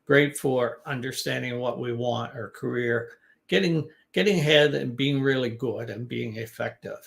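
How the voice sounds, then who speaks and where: A man teaching business English in a relaxed live-stream lesson, giving advice in a conversational way. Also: medium pitch, moderate pace, creaky.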